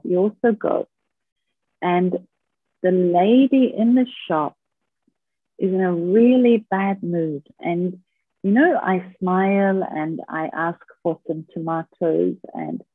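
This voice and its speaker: Slow, husky-voiced woman speaking calmly over a tinny line. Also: lowish voice, dry recording. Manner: calm, patient, often checks in with "right?". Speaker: workshop speaker. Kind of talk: slow, gentle talk on managing stress.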